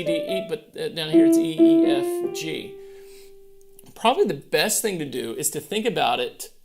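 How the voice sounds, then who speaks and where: Slow, gravelly male piano teacher. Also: a little high. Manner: patient, playful, counts beats aloud. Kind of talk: step-by-step piano lesson, counting aloud. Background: piano playing.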